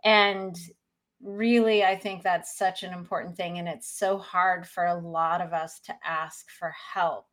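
A woman's voice: on the low side, fairly even intonation, a little slow, fairly bright tone. A woman hosting a conversation about grief, earnest and reflective, who acts out the people she quotes.

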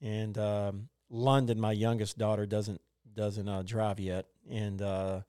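A man's voice: fairly low pitch, flat delivery, slow, dark tone, clean tone, no room sound, clean studio sound. A middle-aged man telling a personal story in casual conversation, rambling with many fillers and restarts. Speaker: podcast co-host.

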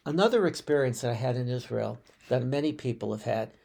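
A rabbi from the United States tells personal stories on a podcast in a reflective, unhurried way, often restarting his sentences and using fillers. His medium-pitched voice is animated, creaky, a little mellow and has a breathy edge.

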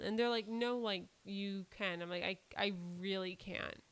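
A woman's voice: mid-range voice, fairly even intonation, measured pace, fairly bright tone, clear, resonant tone. A young woman in her twenties, a new law graduate, chatting casually in a self-mocking way with dramatic quoted asides. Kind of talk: casual chat.

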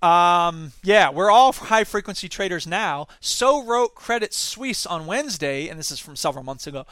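A man's voice: high voice, expressive, normal speed, a bit bright, no echo. A man hosting a casual talk show, reading news items aloud and commenting on them with self-deprecating asides. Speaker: podcast host.

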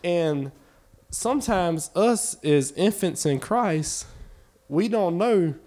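A man's voice: high-pitched, animated, slow, darkish tone. A man preaching a sermon to his church, building in intensity with repeated phrases and folksy talk. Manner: impassioned, repetitive preaching cadence; folksy, with y'all.

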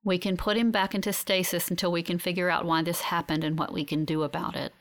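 A woman voicing a steady woman scientist who explains things in a measured way. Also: on the low side, close to an everyday voice. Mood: calm.

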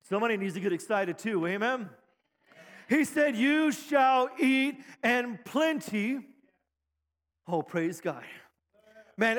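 High-voiced preacher in a reverberant hall. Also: male voice. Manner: rousing preaching, calls of amen, shouting at peaks, jokes with congregation. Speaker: pastor. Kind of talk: sermon. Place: church sanctuary. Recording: long reverb of a church hall.

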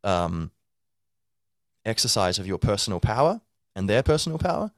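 A man's voice: lowish voice, big pitch swings, moderate pace, no room sound, clean studio sound. A man hosting a podcast, talking casually in a loose, rambling monologue full of fillers and restarts. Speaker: podcast host.

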